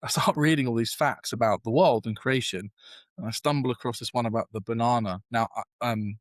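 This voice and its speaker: A man's voice: medium pitch, fairly quick, dry recording. A young British man with a casual, self-deprecating manner, telling a long story in a podcast interview, full of fillers and restarts. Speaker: guest.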